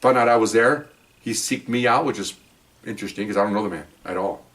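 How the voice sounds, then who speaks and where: A rather low-voiced man spins a story from his police days in an easy, chatty way, slipping into the voices of the people he quotes. He sounds a little off-mic, as if sitting back from it. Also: fast, fairly bright tone, recorded from a distance. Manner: chatty, acts out dialogue, swears offhand. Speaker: retired police officer telling stories on a podcast. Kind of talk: casual first-person storytelling.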